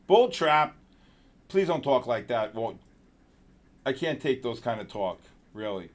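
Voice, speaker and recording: A male trading show host giving excitable live market commentary, exclaiming and calling out viewers by name. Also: medium pitch, unhurried, pauses often.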